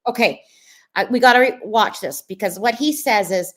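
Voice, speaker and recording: A woman's voice: on the high side, normal speed, a bit bright. A woman hosting casual reaction commentary, chatty and explaining, with many fillers. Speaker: commentary host.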